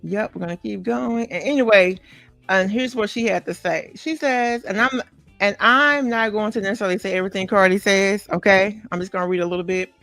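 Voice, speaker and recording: A woman's voice: mid-range voice, brisk, fairly bright tone, no echo, faint music behind. A woman hosting a celebrity gossip podcast in casual chat, talking straight to her viewers with many asides. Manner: chatty, talks straight to viewers, many asides and "okay?" tags. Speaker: podcast host.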